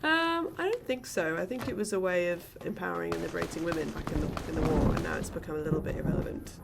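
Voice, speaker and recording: A woman's voice: on the low side, quick pace, creaky, background noise. A woman chatting with a friend during a game stream, rambling and laughing easily. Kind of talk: casual chat over a game stream. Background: loud game music.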